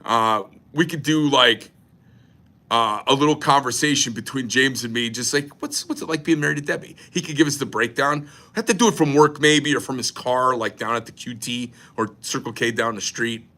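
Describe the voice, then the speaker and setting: A man's voice: medium pitch, normal speed, sharp tone. A man, a knife company owner, talking in a profane, joking, rambling style on a casual livestream. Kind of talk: casual crude livestream rant.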